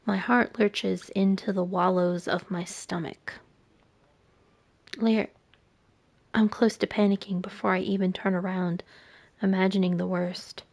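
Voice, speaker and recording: A woman streamer reading a visual novel aloud, slow and emotive, with frequent soft, breathy asides. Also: medium pitch, level tone.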